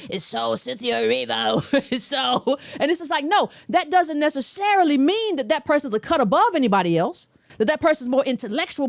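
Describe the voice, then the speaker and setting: An American woman hosts a commentary show, arguing in a combative, scornful and emphatic way. Her voice sits high, and the recording is dry and close. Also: dry recording. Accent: American English. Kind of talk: opinionated political commentary.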